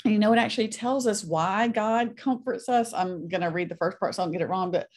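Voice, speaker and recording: A woman's voice: mid-range voice, fairly quick, hardly any pauses, darkish tone. A middle-aged woman, a guest on a faith podcast, telling her story earnestly and acting out the voices she quotes.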